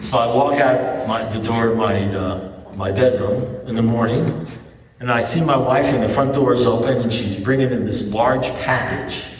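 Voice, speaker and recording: Older man, animated storyteller, recovery meeting talk, very echoey hall, faint background noise. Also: mid-range voice, far from the mic. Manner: animated storyteller, acts out dialogue, rises to near-yelling. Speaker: AA speaker.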